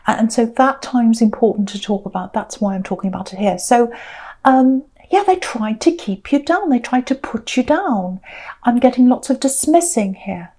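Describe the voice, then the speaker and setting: A woman's voice: on the high side, warm tone. Earnest woman giving a tarot reading. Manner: earnest, repeats phrases for emphasis; acts out quoted people in a mocking voice. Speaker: tarot reader. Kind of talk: intuitive tarot reading monologue.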